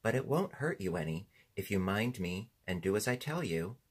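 A man's voice: lowish voice, big pitch swings, slightly rough. A man doing a bossy young boy. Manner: brisk, commanding, impatient shouts. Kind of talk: audiobook reading.

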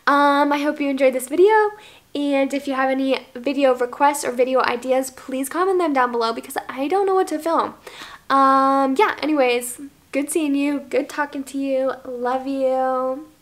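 A woman's voice: sits high, normal speed. A woman in her early twenties from the United States, chatting in a casual favorites vlog at home, bubbly and gushing with lots of fillers, recorded on the camera's microphone. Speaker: vlogger.

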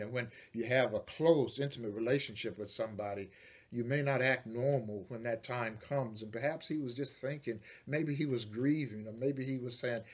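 A man's voice: mid-range voice, slightly rough. Male pastor preaching a sermon. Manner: builds from quiet reflection to loud preaching.

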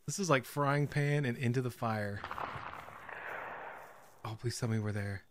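A man's voice: medium pitch, unhurried, noisy background. A man playing a horror game, nervously commenting, laughing and swearing as he goes. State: scared, on edge. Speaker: gaming channel host.

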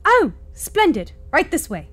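A woman voicing a polite, creepy young British man in a visual novel game, speaking in an overly courteous, unhurried way. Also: high voice, wildly swooping pitch, fairly bright tone, voice pushed up, exaggerated voice.

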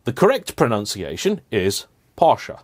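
Animated man ranting about cars. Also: on the low side, measured pace. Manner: animated, emphatic, playfully indignant. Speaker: car vlogger host. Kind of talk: humorous rant to camera.

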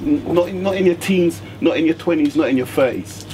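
A man's voice: fairly high pitch, brisk, natural voice. A man playing a radio DJ who talks earnestly and emotionally and repeats himself. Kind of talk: scripted radio show monologue. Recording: noisy background hiss.

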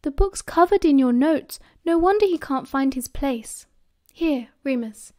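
An eager, bossy young British schoolgirl, as a woman reader puts her on, raising her voice high and loud to chide the boys. The delivery is bright and insistent in this storybook reading. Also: steady tone, slow. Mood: chiding. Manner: bright, chiding.

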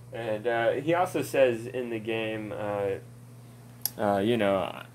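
A man ranting casually at home on a desk mic, drawling slowly through a stream of fillers. He swears freely as he rambles along, with a faint hum of noise behind him. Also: fairly low pitch, fairly even intonation, a little mellow, rough recording. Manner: rambling and profane, with many fillers and laughs. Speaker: gaming commentator.

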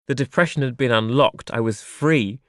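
A man reading his memoir aloud in a soft, wry, reflective way. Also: medium pitch, normal speed, no echo, clean studio sound. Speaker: audiobook narrator.

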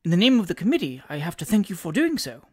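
A courteous young gentleman playing host, formal and quick, running his welcomes together, as an audiobook reader puts him on. His voice moves up and down with lively pitch. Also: husky. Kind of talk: audiobook character voice.

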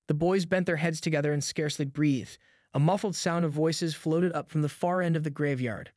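A man narrating a classic novel as an audiobook in a steady storytelling manner with a hushed, spooky build. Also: fairly high pitch, brisk, no echo, clean studio sound.

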